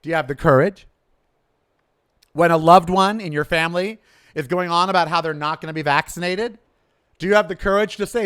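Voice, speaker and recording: Man with a high voice, podcast host, blunt impassioned rant, loud bursts then low asides. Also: brisk, clear, resonant tone. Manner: fiery, blunt, ranting with big swings in loudness.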